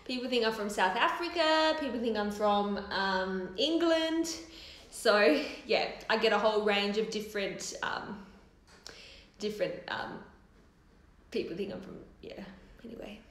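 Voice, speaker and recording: A woman's voice: mid-range voice, lively intonation, a little slow. A woman in her thirties with an Australian accent, chatting and rambling on a live Q&A from her new office, swearing casually. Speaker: hair topper business owner hosting a live Q&A. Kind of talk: casual livestream chat. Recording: roomy office echo.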